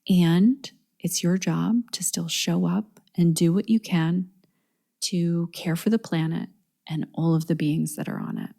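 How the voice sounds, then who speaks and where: A woman voicing a kind English woman friend who gives a gentle, encouraging pep talk in an English accent. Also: on the low side, full character voice.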